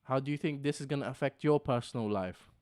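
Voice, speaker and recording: Smooth-voiced young man, jokey. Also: mid-range voice, fast talker, a little mellow. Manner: jokey, sarcastic, laughs often. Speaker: podcast co-host. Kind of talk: casual chat.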